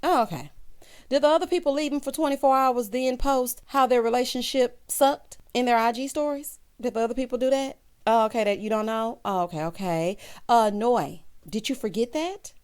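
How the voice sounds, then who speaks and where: A woman hosting a casual reality-show recap, talking sassily and straight to her viewers, with big jumps in pitch for emphasis. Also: moderate pace, smooth. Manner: sassy, animated, talks straight to the viewers. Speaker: TV recap host.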